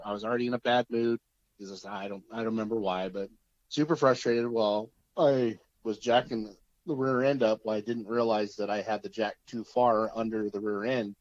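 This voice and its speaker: A man from Oregon, a podcast guest, telling a story in a casual, easygoing way and laughing through the rough parts. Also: lowish voice, no room sound. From Oregon, USA. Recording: dull lo-fi sound.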